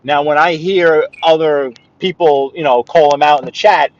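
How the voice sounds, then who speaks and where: A Brooklyn-born man hosts a laid-back live stream from his car, rambling along to viewers and a guest and chatting back to their comments. His voice is fairly high with steady, even intonation at a normal speed. The recording sounds dull, dry and lo-fi.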